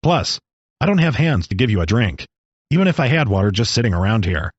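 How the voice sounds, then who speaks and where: Man playing an old joking rattlesnake, storybook, husky, lively pitch, muffled dry take. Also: a little fast, no room sound. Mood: wry calm. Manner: calm, explaining, dry jokes. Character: wry old male talking rattlesnake. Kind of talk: storybook reading.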